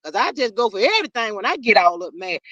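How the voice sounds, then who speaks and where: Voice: mid-range voice, very animated, fast, fairly bright tone, no room sound, dull audio. A performer playing a sassy gossiping woman persona, reading viewer comments on a livestream and calling everyone honey and child. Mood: gossipy. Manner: dramatic, playfully threatening. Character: sassy gossiping woman persona, Miss Marlene, quick to clap back. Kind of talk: live chat.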